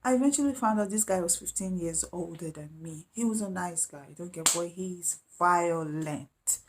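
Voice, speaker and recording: Animated woman telling a story. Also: on the low side, moderate pace, a little hiss or hum. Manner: animated, acts out quoted voices. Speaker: vlogger. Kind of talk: casual storytime.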